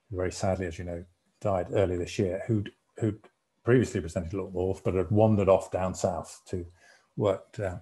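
A man in his sixties giving an anecdotal public talk as a former broadcasting executive, telling stories in a relaxed, conversational way. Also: low-pitched. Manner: conversational storyteller, relaxed and reflective.

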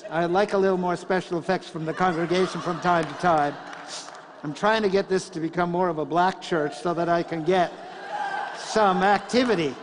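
A man preaching a sermon in a church, telling a story and swinging between loud passages and hushed ones. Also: sits high, steady tone, moderate pace, long reverb tail, noisy background. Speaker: pastor. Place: church sanctuary.

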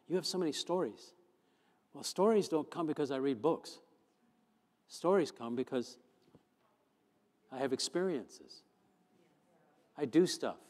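A man, a pastor, preaching a sermon, moving from chatty storytelling to fervent, loud emphasis. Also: mid-range voice. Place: church sanctuary. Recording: long church hall reverb.

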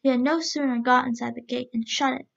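A woman storyteller reads a storybook aloud in a steady, even-paced manner. Her voice is high-pitched with vocal fry and she reads fast, on a dull lo-fi recording.

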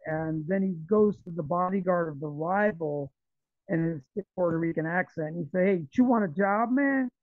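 A man talking as an interview guest over a remote call, rambling and animated, restarting his sentences often. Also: sits high, no echo. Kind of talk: conversational interview. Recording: tinny, phone-like dry sound.

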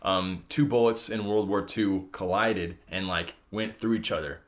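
A man co-hosting a podcast in casual, laid-back chat, often laughing and pausing on fillers. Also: low-pitched, fairly even intonation. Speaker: podcast co-host.

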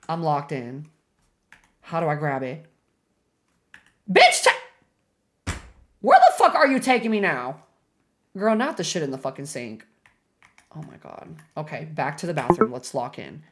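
A woman streaming a game live, reacting loudly and dramatically with shrieks and swearing while chatting with viewers and thanking subscribers. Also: sits low.

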